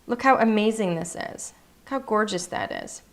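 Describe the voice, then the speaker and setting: A woman's voice: mid-range voice, moderate pace. A woman presenting craft products in a casual, chatty showcase, gushing over each item and sometimes hunting for words.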